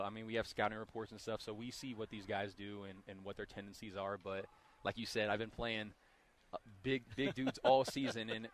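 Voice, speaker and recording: A young man still catching his breath after a basketball game, talking loosely and rambling through plenty of fillers. His voice sits on the low side for a man. He sounds easygoing and unscripted as he answers postgame questions. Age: young adult. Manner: relaxed, rambling with many fillers. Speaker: college basketball player. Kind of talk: postgame interview.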